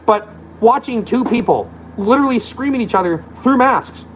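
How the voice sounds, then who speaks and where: A man's voice: extremely high pitch, expressive, moderate pace, a little hiss or hum, poor audio. Sweary man ranting. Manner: blunt, sweary, scornful. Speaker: vlogger. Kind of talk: profane ranting monologue.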